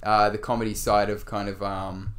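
A man's voice: lowish voice, level tone, normal speed. A man co-hosting a casual podcast, speaking hesitantly with many fillers and restarts. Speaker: podcast co-host. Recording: roomy with faint noise.

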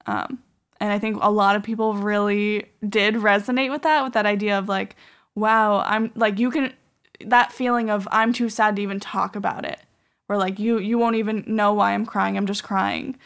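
Speaking at a moderate pace with fairly even intonation, a woman with a clean, fairly bright mid-range voice hosts a podcast. She tells her story casually and rambles, using lots of "um" and "like."

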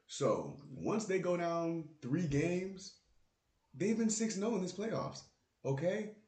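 Animated man ranting, echoey room. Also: high-pitched, takes it slowly. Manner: animated, profane, joking rant. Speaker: podcast host. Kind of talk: casual solo basketball talk. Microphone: close podcast mic with plosive pops.

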